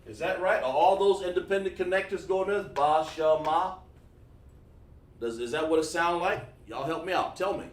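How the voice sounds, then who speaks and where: A man's voice: high voice, fairly quick, hardly any pauses. Guy teaching a live online lesson, keeps quizzing the chat, sounds far off from the mic. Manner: questioning, coaxing students to answer. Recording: echoey room, far from mic.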